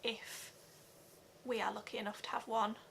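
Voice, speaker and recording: A young woman giving an earnest personal vlog update, talking haltingly with many fillers. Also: fairly high pitch, little pitch movement, gravelly, fairly bright tone, slight background noise. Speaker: vlogger.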